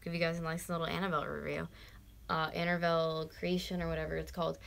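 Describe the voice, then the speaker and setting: A twenty-something woman from North America vlogs on a live stream, ranting casually with free swearing, lots of "like," and occasional drops to a whisper. Her voice sits low with little pitch movement, a quick pace, creakiness, and a bit of brightness.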